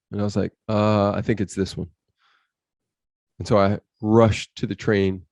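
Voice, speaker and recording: Male podcast guest, dark tone, animated storyteller who acts out the voices in his tale. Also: on the low side, moderate pace, long pauses, no room sound. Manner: intense, quotes his inner voice and others.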